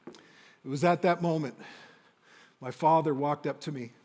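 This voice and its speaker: A man in his fifties, telling a personal story on stage as a motivational speaker, dramatic and emotional with slow, weighty pauses. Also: on the high side, fairly even intonation, darkish tone, in a large hall. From Windsor, Ontario, Canada.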